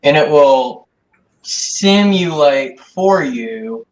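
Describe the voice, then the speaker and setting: A man's voice: fairly high pitch, animated, very slow. Man explaining train gadgets in an echoey room. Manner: explanatory, technical, with "um" and "you know". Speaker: guest in a model railroad chat. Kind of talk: casual chat.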